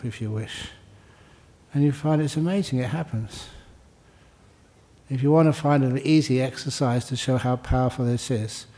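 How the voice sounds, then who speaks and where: Mellow-voiced older monk giving a relaxed talk. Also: male voice, medium pitch. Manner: relaxed, joking, repeats phrases for emphasis. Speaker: Buddhist monk teacher. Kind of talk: dharma talk answering questions.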